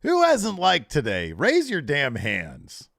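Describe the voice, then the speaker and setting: Man, podcast co-host, casual banter, lively pitch swings, dry close mic, profane and rowdy. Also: takes it slowly, creaky, no echo. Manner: loud, profane, jokingly berating. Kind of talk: casual live-stream banter.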